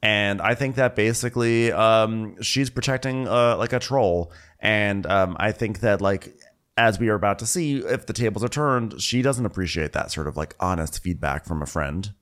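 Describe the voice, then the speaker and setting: A man with a somewhat low voice co-hosting a casual comedy podcast. He talks through a reality show in a wry, chatty way, filling his sentences with "like.". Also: normal speed, fairly bright tone. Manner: chatty, wry, uses "like" a lot. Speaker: podcast co-host. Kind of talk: casual comedic recap chat.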